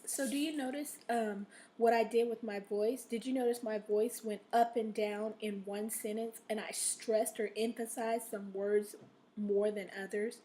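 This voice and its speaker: A woman's voice: mid-range voice, flat delivery, measured pace, mellow. A woman teacher giving a recorded reading lesson to children, patient and checking in often, sometimes reading aloud with expression. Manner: patient, repeats "okay?" to check in.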